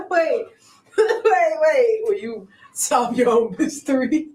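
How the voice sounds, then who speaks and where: A woman co-hosts a casual podcast chat, talkative and full of questions, frequently trailing off and starting over. Her high, slightly mellow voice has lively intonation but moves very slowly. The room echoes and the mic is distant.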